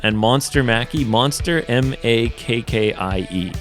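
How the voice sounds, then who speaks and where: A man hosting a podcast, chatting in a relaxed, teasing way with his guest. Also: mid-range voice, measured pace, faint music behind. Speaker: podcast host. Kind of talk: casual chat.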